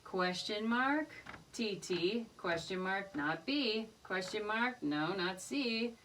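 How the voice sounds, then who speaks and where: A music teacher with a medium-pitched, animated voice takes a rhythm lesson slowly, singing short phrases and then speaking the rhythm syllables. The mic is distant, with loud background noise.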